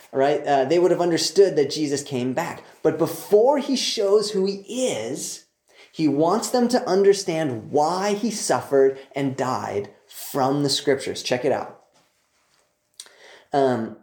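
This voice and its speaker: Lively, animated male preacher in a roomy hall. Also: fairly high pitch. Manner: enthusiastic and animated, joking asides. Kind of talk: conversational Bible teaching. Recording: roomy echo.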